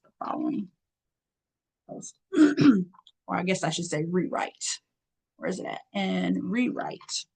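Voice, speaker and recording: A woman presenter running a live online workshop, lively and folksy, often clearing her throat as she talks to her audience. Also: mid-range voice, rough recording. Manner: lively, folksy, calls audience girl and y'all.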